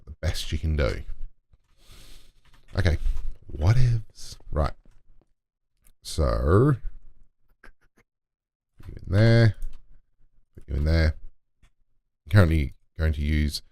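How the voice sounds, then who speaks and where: Very deep gravelly man narrating gameplay. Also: animated, takes it slowly, pauses often, a little mellow, no room sound, clean studio sound. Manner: mutters to himself while playing, talks to in-game items. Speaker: let's play gamer. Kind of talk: casual gameplay commentary.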